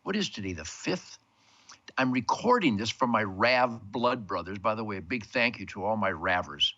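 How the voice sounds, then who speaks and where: A man's voice: lowish voice, lively intonation, normal speed, pushed and bright, lo-fi sound. An older man hosting a rambling, emphatic monologue from his home man cave, full of big words and wordplay. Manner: bombastic, emphatic, wordplay-heavy. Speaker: host.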